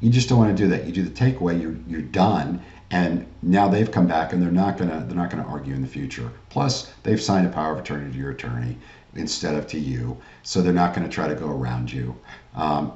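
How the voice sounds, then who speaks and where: A man's voice: sits low, darkish tone, roomy sound, lo-fi sound. A man giving a sales training lecture in a pushy pep-talk manner, often asking "right?" and calling the audience "guys.".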